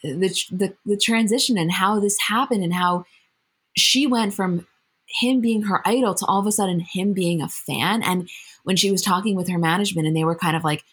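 A woman's voice: mid-range voice, normal speed, a bit bright, breathy edge. A young woman co-hosting a podcast, talking in an earnest, emphatic way. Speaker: podcast co-host. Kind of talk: casual chat.

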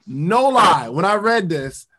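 A man's voice: high-pitched, very animated, slow, sharp tone. A man reading passages from a book aloud and breaking in with slangy, casual comments to explain them. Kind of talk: casual teaching talk.

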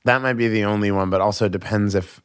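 A comedian, a man, chatting as a podcast guest and telling jokes in an animated way with quick asides. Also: on the low side, smooth. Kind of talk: casual podcast conversation.

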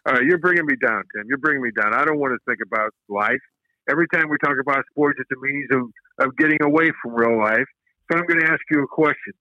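A man hosting a casual hockey show, asking relaxed conversational questions. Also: medium pitch, quick pace, dry recording, lo-fi sound. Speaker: radio host. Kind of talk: casual sports chat.

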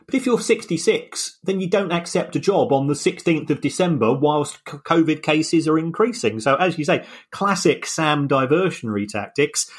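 A man's voice: fairly high pitch, lively intonation, normal speed, few pauses, slightly rough. Man explaining, stumbling over repeats. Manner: hesitant, repeats words as he explains. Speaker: podcast co-host, finance analyst. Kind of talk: casual podcast explanation.

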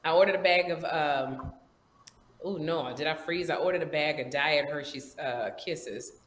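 A woman's voice: low voice, measured pace, roomy sound. A woman on a video call, chatting casually in loose run-on sentences. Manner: animated, rambling, talks in loose run-on sentences. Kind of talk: casual chat.

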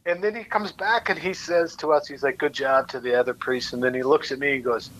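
A man guest telling lively anecdotes in casual chat, acting out quoted voices and laughing often. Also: medium pitch, brisk, a little hiss or hum, low-quality recording. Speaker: actor guest.

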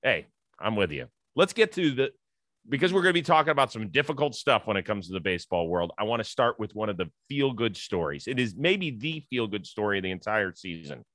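A man hosting a sports talk show, chatty and emphatic, quick to joke. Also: lowish voice, sing-song, fairly bright tone, no room sound, studio quality.

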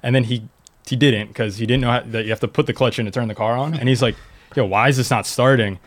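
A man's voice: mid-range voice, steady tone, fast, dry recording. A young man from Pennsylvania telling a story in a casual, slangy way, full of fillers. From Reading, Pennsylvania. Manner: laid-back, slangy, lots of fillers. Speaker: guest, pro skateboarder.

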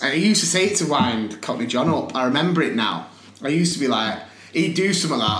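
A man's voice: medium pitch, lively intonation, quick pace, fairly bright tone. A young man co-hosting a podcast, chatting casually and laughing often as he tells a story. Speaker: podcast co-host. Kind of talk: casual banter. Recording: echoey room.

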